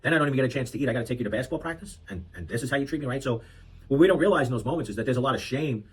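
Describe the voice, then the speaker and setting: Casting note: earnest man in his thirties, husky mid-range voice, reflective monologue with frequent restarts. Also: medium pitch, animated, racing, poor audio. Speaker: parenting vlogger. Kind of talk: reflective talk to camera.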